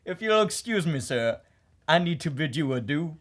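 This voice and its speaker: A man voicing a genteel, old-fashioned gentleman who drinks scotch, in a tabletop role-play. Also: on the high side, sing-song, measured pace, exaggerated voice. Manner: genteel, old-timey phrasing.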